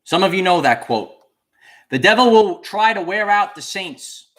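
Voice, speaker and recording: A man's voice: sits high, lively intonation, moderate pace, a bit bright. A man hosting a spiritual livestream, talking to his viewers and repeating key phrases with preacher-like emphasis. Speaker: channel host.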